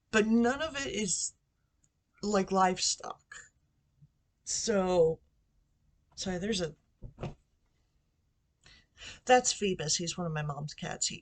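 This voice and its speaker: A woman vlogging from her bedroom into a computer microphone, telling a story casually with lots of fillers and side remarks. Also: on the low side. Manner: rambling, chatty, with asides and fillers. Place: bedroom at home.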